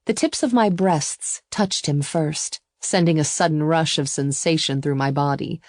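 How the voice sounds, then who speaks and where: A woman narrating a first-person romance audiobook in an even, intimate storytelling voice. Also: low voice, unhurried, dry recording, clean studio sound.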